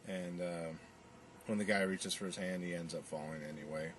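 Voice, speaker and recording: A man with a very low voice retells a movie in a loose, rambling way, full of fillers as he acts out what the characters say. He sits a little back from the mic, and a faint hiss runs under his talk. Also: fairly even intonation, normal speed, a bit bright, recorded from a distance. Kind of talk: casual movie recap.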